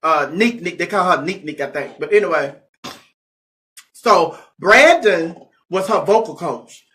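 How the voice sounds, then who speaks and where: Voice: mid-range voice, expressive, measured pace, fairly bright tone. A comedy talk show host telling a gossip story in casual, sassy chat and acting out the people in it.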